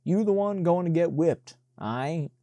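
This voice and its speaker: A man's voice: fairly high pitch, expressive, normal speed, warm tone, no room sound, pitched above the performer's own voice, close to an everyday voice. A man voicing a servant boy who gives blunt warnings in Southern dialect.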